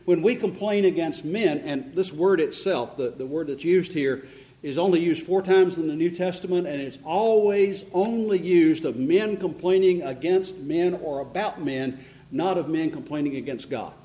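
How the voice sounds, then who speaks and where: High-voiced man preaching a sermon. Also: moderate pace, rough recording. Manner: animated, rises in pitch for emphasis, frequent restarts. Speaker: pastor. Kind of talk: expository sermon. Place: church.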